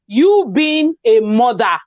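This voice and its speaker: A woman hosting a casual group chat, telling a personal story in an animated way and acting out the dialogue. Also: a little high, slow, dry recording, dull audio. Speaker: host. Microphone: video call.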